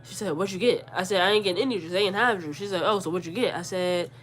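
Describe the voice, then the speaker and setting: Stuffy-nosed lady in her 40s, kinda sick, ranting a storytime, lowish voice, repeats herself a lot. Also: quick pace, slight background noise. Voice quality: congested. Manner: animated retelling, quotes herself and her mother, repeats words. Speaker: vlogger. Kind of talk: storytime vlog.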